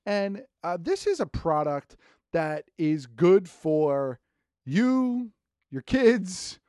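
Joking co-host, lively higher voice. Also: male voice, very slow, clear, resonant tone, dry recording, clean studio sound. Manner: joking, laid-back sidekick banter. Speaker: podcast co-host. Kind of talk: casual podcast chat.

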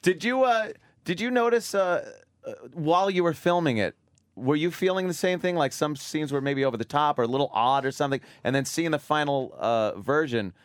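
A male co-host with a slightly high voice who asks halting, filler-laden questions. He breaks in with quick jokes, and the sound is dry. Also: dry recording. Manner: jokey interjections, hesitant questions. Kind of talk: casual interview chat.

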